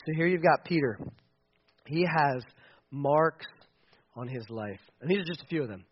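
A man preaching a sermon in a church, casual and animated, acting out the lines of scripture as he goes. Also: fairly high pitch, normal speed, husky, dull audio. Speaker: pastor. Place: church building.

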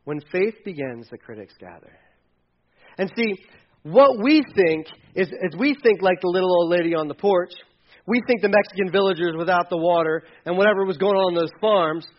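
Male preacher, high-pitched, playful and animated sermon delivery; muffled lo-fi recording. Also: normal speed. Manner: animated, jokey, acts out the Bible story in voices.

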